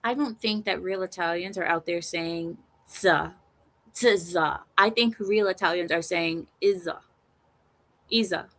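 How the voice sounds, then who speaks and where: Teasing, animated woman streamer. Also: fairly low pitch, a little slow. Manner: animated, teasing, laughs often. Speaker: livestream host. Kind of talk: casual live-stream chat.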